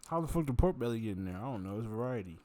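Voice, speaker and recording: Man, mid-pitched, stuffy-nosed, chatting and joking between bites; casual, swears. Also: lively intonation, racing, mellow. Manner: rambling, joking, swears casually while eating. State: congested nose, full, chewing. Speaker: vlogger. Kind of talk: casual eating vlog chat.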